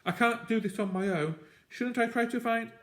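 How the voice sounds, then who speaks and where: A man's voice: moderate pace, fairly bright tone. A man reading a storybook aloud, voicing a frightened young boy who asks urgent, pleading questions. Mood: panicked. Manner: high, urgent and breathless questioning.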